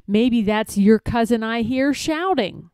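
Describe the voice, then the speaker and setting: Brief: a dry, unimpressed tiger, read by a woman, slow and close. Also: a little high, expressive, mellow, smooth, no room sound.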